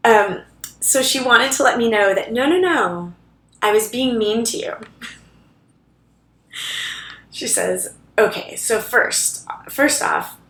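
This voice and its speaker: A woman's voice: a little high, slow pace, pauses often, fairly bright tone. A woman chatting casually to camera in a rambling way, with lots of fillers and restarts, recorded in a co-working office library. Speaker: vlogger. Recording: echoey room.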